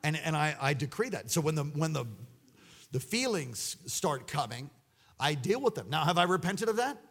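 A man preaching a sermon, swinging between loud exclamations and hushed asides. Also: on the high side, sing-song, normal speed, breathy edge.

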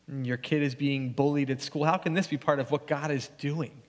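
A man preaching a sermon as pastor, conversational and earnest, going quiet and soft when he reads scripture. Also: on the high side, fairly even intonation, normal speed, big-room sound.

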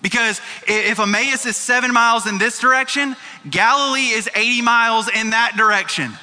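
A man's voice: very high voice, moderate pace, bright, forceful tone. A man, a pastor, preaching a casual, chatty sermon with playful asides in a church sanctuary. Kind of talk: conversational sermon. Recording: long reverb of a large hall.

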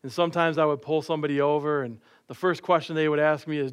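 A man's voice: fairly high pitch, fairly even intonation, quick pace, clean tone. A middle-aged man preaching a sermon, telling stories with light laughs and playful quoted voices.

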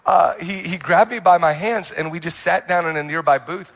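A young adult male pastor telling his testimony in a sermon, animated and full of restarts and quoted asides. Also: a little high, moderate pace.

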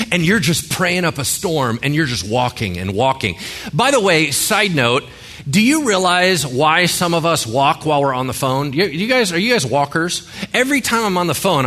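Pastor guy preaching, bright voice, chatty, lots of "right?" questions. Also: a little high. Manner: conversational, joking asides, rhetorical questions. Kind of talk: sermon.

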